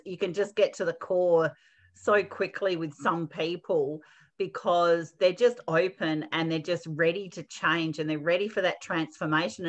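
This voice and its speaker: A woman's voice: lowish voice, a bit bright. A woman radio show host interviewing a guest, speaking in encouraging, long flowing sentences. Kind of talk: conversational interview.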